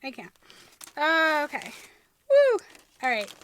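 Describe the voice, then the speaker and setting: Gushing high-voiced woman unboxing gifts. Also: normal speed, noisy background. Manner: gushing, excitable, squeals and gasps. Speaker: craft vlogger unboxing friend mail. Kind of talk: casual vlog unboxing.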